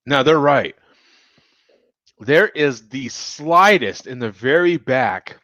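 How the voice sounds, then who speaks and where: A man hosting a casual beer review, talking slowly with a lot of rise and fall in his voice. He thinks aloud in an unhurried way as he pours and sniffs a beer. The sound is dry and a little dull, like a simple lo-fi home setup. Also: medium pitch, no room sound. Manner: relaxed, thinking aloud while sniffing and tasting. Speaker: beer review show host.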